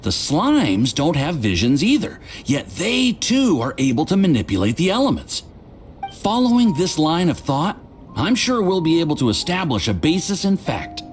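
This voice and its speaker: A man voicing an eager young research assistant in a video game, excitable and quick to catch himself. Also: a little high, slight background noise. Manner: excitable, rushes then checks himself. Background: game music.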